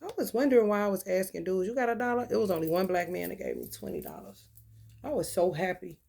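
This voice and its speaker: A woman's voice: fairly low pitch, sing-song, fast, gravelly, dark tone, breathy edge. A woman, telling blunt, profane stories and reading tarot cards in a casual talk. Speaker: tarot reader.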